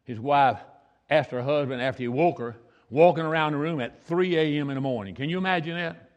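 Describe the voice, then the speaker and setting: High-voiced folksy preacher in an echoey hall. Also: male voice, a little fast, lo-fi sound. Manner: homespun, repeats himself for emphasis. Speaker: pastor. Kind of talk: folksy storytelling sermon.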